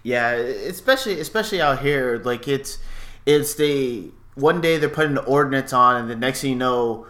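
A man's voice: medium pitch, normal speed, pushed and bright. A man co-hosting a casual chat, laid-back and joking.

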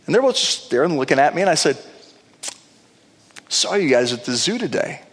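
A male pastor telling a story in a sermon, animated, with playful asides. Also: on the high side, brisk. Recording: long reverb of a large hall.

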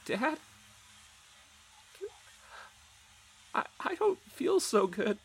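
A man voicing a frightened little girl who is fading away and pleading with her father in a high, tearful voice. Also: big pitch swings, measured pace, slightly rough, exaggerated voice, low-quality recording. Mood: small and frightened.

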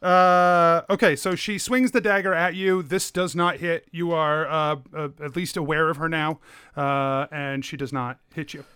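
A man's voice: on the high side, fairly even intonation, a little slow, sharp tone, smooth, no room sound, studio quality. A man narrating as game master of a tabletop game, laid-back and hesitant with frequent fillers.

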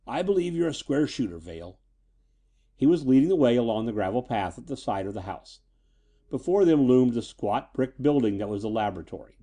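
A man narrating a scripted pulp story in an expressive, dramatic way. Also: mid-range voice.

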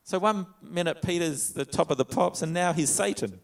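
A man's voice: fairly high pitch, normal speed, gravelly. A man preaching a conversational sermon, reading scripture aloud and retelling it in his own words. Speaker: pastor.

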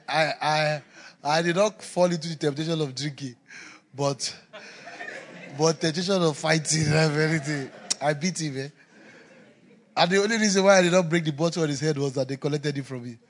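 A man preaching to a congregation, his voice sitting a little higher than most men's. He tells personal stories, laughing as he goes, and moves from loud, punchy emphasis to low, confiding asides. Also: steady tone, normal speed. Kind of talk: sermon.

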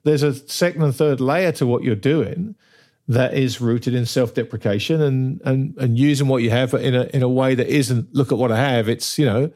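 A man's voice: medium pitch, moderate pace, mellow. A man co-hosting a casual talk show, emphatic and arguing his points step by step, often checking in with "right?". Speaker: podcast co-host. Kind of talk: casual chat.

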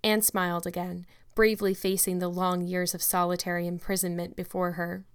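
A woman narrating a classic novel as an audiobook in a measured, steady way. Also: lowish voice, clean tone. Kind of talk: scripted narration.

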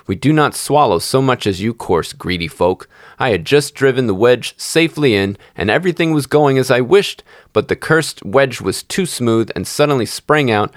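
A man voicing a grumpy, greedy little old male dwarf in a storybook reading, shrill and scolding. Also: no room sound, clean studio sound, natural voice. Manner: snarling, scolding.

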